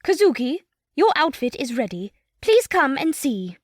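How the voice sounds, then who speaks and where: A man reading an audiobook, voicing a calm, precise female android who speaks in a monotone. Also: very high-pitched, measured pace, no room sound, studio quality, voice pushed up, heavily acted. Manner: monotone, matter-of-fact. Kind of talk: audiobook character voice.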